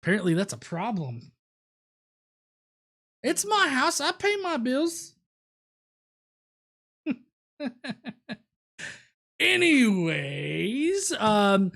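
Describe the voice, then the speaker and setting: A man's voice: very high voice, big pitch swings, a bit bright. Male stream host, home setup, loose and profane, rambles then rants. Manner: profane, rambling, quick to rant. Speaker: livestream host. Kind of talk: casual livestream commentary.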